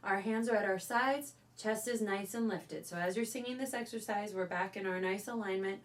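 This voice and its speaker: A woman from California, a voice teacher, leading a choir warm-up and calling out cues between sung drills. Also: mid-range voice, moderate pace. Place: teaching studio. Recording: voice from a distance over loud piano. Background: loud piano accompaniment.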